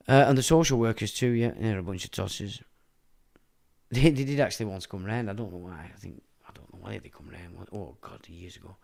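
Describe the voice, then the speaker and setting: A man's voice: medium pitch, vocal fry, darkish tone. A middle-aged man, hosting a livestream and ranting in a blunt, profane, rambling monologue. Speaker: livestream host.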